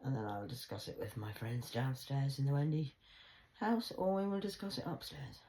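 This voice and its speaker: Low-voiced woman ranting into her phone. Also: normal speed. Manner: rambling, swearing, swings between whispers and loud outbursts. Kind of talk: late-night solo phone vlog. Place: at home indoors.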